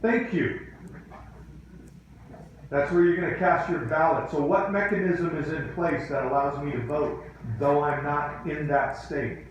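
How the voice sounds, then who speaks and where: Male teacher, firm and wry, running a class Q&A; slightly high voice in a very echoey classroom. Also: steady tone, unhurried. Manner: quizzing, firm, dryly teasing. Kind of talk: classroom lesson with questions to students. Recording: echoey room, faint background noise.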